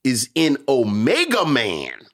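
A man's voice: medium pitch, slow. A man co-hosting a podcast, chatting casually and joking with his co-hosts. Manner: playful, joking, lively banter. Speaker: podcast co-host. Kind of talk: casual chat.

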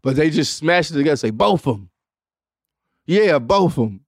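Podcast host guy, high voice that jumps all over, casual comedic riffing, dry close mic. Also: brisk, dry recording. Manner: animated, laughs often, slips into exaggerated voices for quotes.

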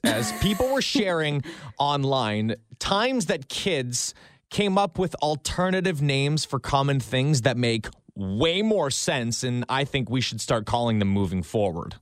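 A man's voice: mid-range voice, big pitch swings, a little slow, dry recording. A man co-hosting a radio show, chatty and enthusiastic in casual banter, on a close studio mic. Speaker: radio co-host.

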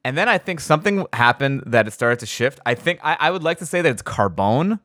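Man, podcast host, mid pitch, dry close-miked sound, opinionated casual chat. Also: expressive, fairly quick, a bit bright, dry recording. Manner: conversational, opinionated, swears casually. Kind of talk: casual conversation.

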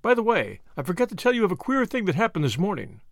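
A man voicing a spirited, plucky young Englishwoman in an audiobook, eager and quick to object. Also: high voice, very animated, no echo, studio quality, voice pushed up. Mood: earnest.

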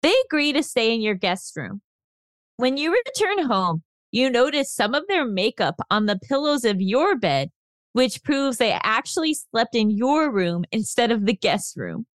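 A woman's voice: on the high side, big pitch swings, measured pace, no room sound, clean studio sound. A woman co-hosting a podcast, reading game prompts out in a casual, playful way. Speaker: podcast co-host.

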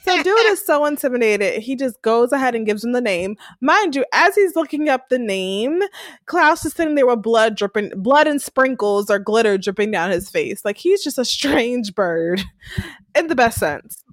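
A woman co-hosting a casual TV recap podcast, telling the story with animated energy and acting out the characters' lines. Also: a little high, normal speed, dry recording. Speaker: podcast co-host.

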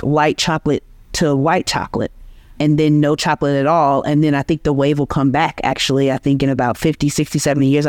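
A woman's voice: low voice, darkish tone, dry recording. Woman linguist explaining in a dry studio. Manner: explains patiently, checks in with "right?". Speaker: linguist guest. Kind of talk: explanatory interview talk.

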